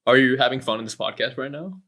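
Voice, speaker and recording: A young man co-hosting a podcast, firing quick questions in casual chat and laughing easily. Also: medium pitch, fairly bright tone. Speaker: podcast co-host.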